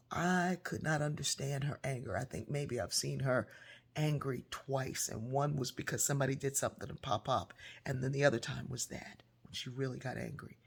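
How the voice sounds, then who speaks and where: Woman, casual storytelling, gravelly, husky, soft near-whispers at times. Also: very deep voice, moderate pace. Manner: warm, conversational, drops to soft near-whispers. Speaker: speaker and author.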